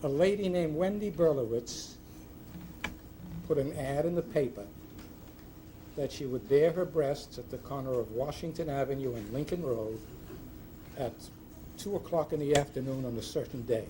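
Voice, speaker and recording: A man's voice: medium pitch, normal speed, pauses often. An older man, a judge, telling humorous anecdotes at a ceremony with dry storytelling and punchline timing. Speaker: retired judge giving a speech. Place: ceremony hall with a live audience. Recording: noisy hall recording.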